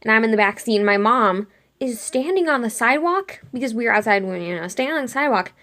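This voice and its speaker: A young woman chatting casually while she sketches, retelling a dream in an animated way and acting out her own lines with lots of "like". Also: fairly high pitch, fast. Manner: chatty, animated quoting of herself with frequent "like". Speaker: art vlogger.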